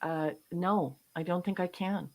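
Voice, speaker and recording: A woman's voice: on the low side, measured pace. Playful woman co-hosting a chat stream. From Canada. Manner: playful, laughs often. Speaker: livestream co-host. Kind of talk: casual chat, reading out viewer comments.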